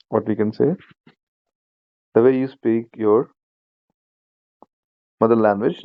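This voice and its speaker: A man teaching an online speaking-skills class, explaining each point slowly and repeating himself, with plenty of fillers like "you know". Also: medium pitch, steady tone, dry recording, dull audio. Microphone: shared screen video class.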